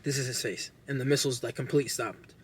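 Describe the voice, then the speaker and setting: A young man casually recapping a movie plot with lots of swearing, animated and acting out lines. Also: mid-range voice, quick pace, slight background noise. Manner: animated, profane, acts out characters' lines. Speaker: podcast host reviewing a movie.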